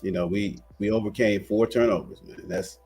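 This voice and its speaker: Low-voiced man breaking down a game. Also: moderate pace, faint music behind. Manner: relaxed, steady, many fillers. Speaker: panel guest. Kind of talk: casual sports analysis.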